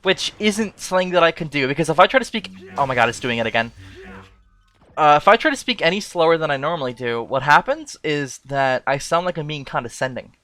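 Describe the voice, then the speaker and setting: Bright-voiced man with mild Newfoundland accent. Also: on the high side, expressive, brisk, no echo. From Newfoundland, Canada. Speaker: streamer. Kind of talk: casual chat.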